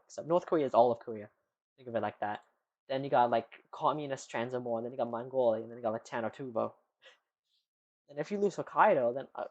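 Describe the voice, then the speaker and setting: A man's voice: medium pitch, a little mellow, lo-fi sound. A man streaming live, rambling casually as he answers chat questions, with lots of "like" and "you know.".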